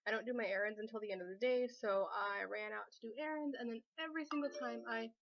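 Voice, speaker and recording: A chatty young woman rambles to her camera at home, voice sitting a little high. The sound is slightly dull and lo-fi, like a built-in camera mic in a bedroom. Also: quick pace, gravelly. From Southern California. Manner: rambling and chatty, many fillers. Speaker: vlogger. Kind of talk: casual chat to camera.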